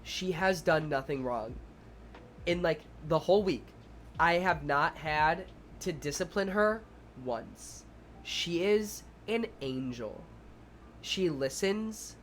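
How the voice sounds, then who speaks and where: A young man with a fairly high voice speaks slowly over a faint hiss or hum. He's a preschool teacher and streamer chatting casually with viewers, animatedly acting out both his own lines and the kids', and he swears freely.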